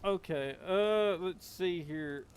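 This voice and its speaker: Young southern guy rambling while he games, kinda high voice, real smooth, lots of um and like. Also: slow pace. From Appalachian Kentucky, US. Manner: rambling, filler-heavy, drawling. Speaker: streamer. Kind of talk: casual gameplay chat.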